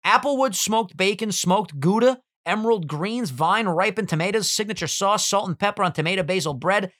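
Young man, podcast co-host, jokey and profane, slightly high pitch, dead dry recording. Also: a bit bright, no room sound. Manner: profane, jokey, quick with bits. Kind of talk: casual podcast banter.

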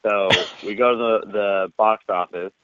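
A man telling an animated, profane anecdote in casual conversation, laughing often. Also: fairly low pitch, a little slow, noisy background. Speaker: guest. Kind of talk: casual storytelling. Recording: tinny phone-like line.

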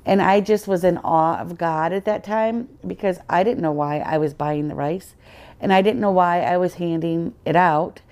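A woman's voice: on the low side, moderate pace, darkish tone, smooth. Earnest woman sharing a faith testimony. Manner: earnest storytelling, acts out quoted dialogue. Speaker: podcast guest. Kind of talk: personal faith testimony in conversation.

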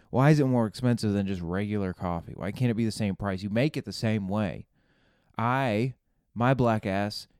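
A man's voice: on the low side, darkish tone, smooth, no room sound, clean studio sound. A man hosting a solo morning podcast, ranting and cursing in a rambling, self-mocking way. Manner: rambling with many restarts. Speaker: podcast host.

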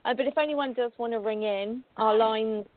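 A woman's voice: on the high side, normal speed, no room sound. A British woman co-hosting a call-in radio show, chatting casually with fillers and restarts. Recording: dry phone-like line.

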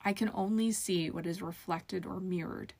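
A woman's voice: lowish voice, steady tone, normal speed, vocal fry, a little mellow, breathy edge. Woman voicing a mocking, harsh magic mirror. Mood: haughty. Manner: mocking, teasing, sing-song, sometimes whispered.

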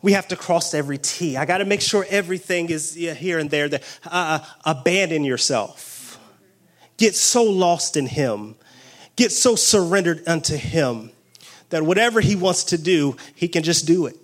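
High-voiced excitable preacher man. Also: moderate pace. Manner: excitable, call-and-response preaching with exclamations. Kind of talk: sermon.

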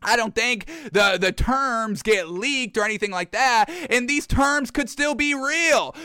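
A man hosting sports talk, ranting in a mocking, animated way and repeating himself for effect. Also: very high voice, smooth, dry recording, studio quality.

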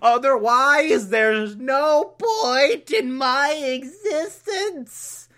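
A man voicing a riddle-obsessed male villain in a high, slow, overwrought wail. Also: lively intonation, sharp tone, heavily acted. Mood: manic.

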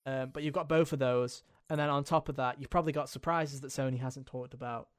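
A man hosting a casual gaming podcast, talking in an animated, jokey way and riffing with friends. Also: mid-range voice, brisk, clear, resonant tone. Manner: animated, jokey, mimics silly voices. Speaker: podcast host. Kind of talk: casual chat.

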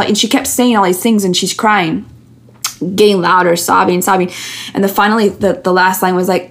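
A woman's voice: medium pitch, steady tone, normal speed. A woman, a podcast guest, talking candidly and earnestly, telling personal stories with many restarts and fillers.

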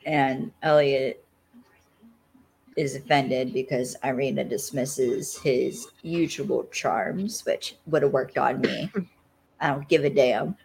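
A woman's voice: extremely low pitch, steady tone, slow, vocal fry, a little mellow, slightly rough. A woman co-hosting a casual podcast, recapping an episode with wry asides. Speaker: podcast co-host.

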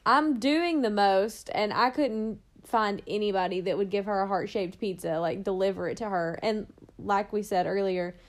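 A woman's voice: medium pitch, moderate pace. A young woman co-hosting a podcast, chatting casually and telling stories with lots of "like". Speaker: podcast co-host. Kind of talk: casual chat.

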